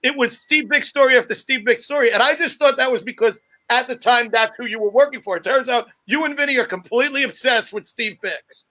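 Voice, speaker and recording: A man with a high voice and a bright, sharp tone hosts a casual chat show. He jokes with his guests and pokes fun at himself. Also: a little fast, hardly any pauses, poor audio. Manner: joking, self-deprecating. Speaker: podcast host.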